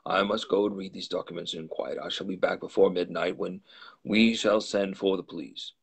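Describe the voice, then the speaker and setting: A man's voice: sits low, steady tone, moderate pace, vocal fry, husky, exaggerated voice. A man voicing an agitated middle-aged Victorian lawyer during a live reading of a classic novel, urgent and exclaiming. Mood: grave.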